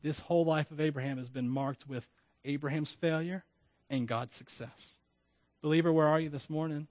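A man preaching a sermon as pastor, animated, with humorous asides and self-deprecating jokes. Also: a little high, normal speed, no room sound. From Florida.

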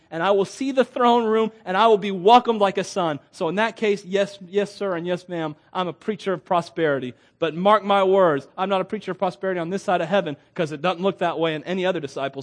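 High-voiced man preaching animatedly. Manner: animated, conversational preaching with laughs and asides. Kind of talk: sermon.

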